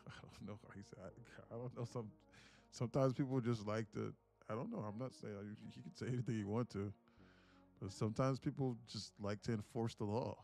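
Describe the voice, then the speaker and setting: A man's voice: medium pitch, fairly quick, vocal fry, dark tone, faint music behind. A man hosting a live day-trading stream, chatting casually, laughing often and repeating words as he thinks. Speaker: day-trading livestream host.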